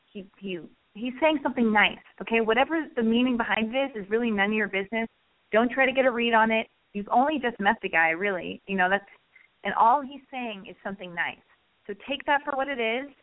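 A woman with a fairly high voice hosts a radio advice segment. She talks bluntly and with lots of energy, and she swears freely as she gives a caller a pep talk. Her voice comes through thin and phone-like. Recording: phone-like narrow band.

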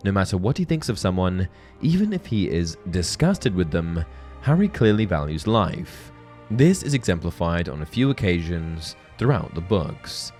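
A man narrates a scripted video essay in an earnest, analytical way. His voice sits very low but moves with lively, animated inflection. Faint music plays softly behind him. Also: normal speed. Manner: earnest, analytical, reads book passages aloud.

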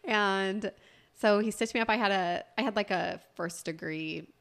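Young woman co-host, animated storyteller, casual chat, mid pitch. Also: normal speed, gravelly, smooth. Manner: chatty, animated storytelling with quoted voices. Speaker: podcast co-host.

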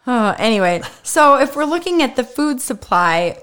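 A woman's voice: high-pitched, sing-song, normal speed, a bit bright, clear, resonant tone. A woman doctor co-hosting a podcast in casual chat, teasing her co-host and laughing often as she explains.

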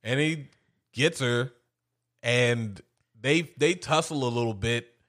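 A man's voice: medium pitch, slow, a bit bright. A man co-hosting a podcast, casually recapping a film, joking, swearing and laughing a lot. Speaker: podcast co-host. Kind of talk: casual movie recap chat.

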